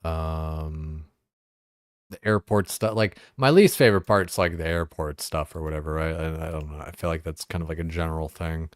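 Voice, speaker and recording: A man's voice: extremely low pitch, moderate pace, dry recording, clean studio sound. A young man streaming, chatting casually in a rambling, profane way, full of fillers. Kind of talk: casual chat.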